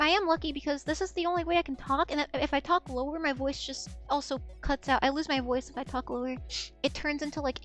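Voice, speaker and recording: A woman VTuber chatting casually on a live stream, rambling and self-mocking, with a soft girlish voice. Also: high voice.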